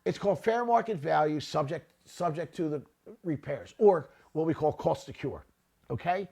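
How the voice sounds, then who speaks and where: A man's voice: fairly high pitch, lively intonation, moderate pace, gravelly, slightly rough. A middle-aged man hosting a real estate podcast, giving blunt, profane, unscripted commentary and often tagging his points with "okay?". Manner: grows louder and more heated, shouting at times.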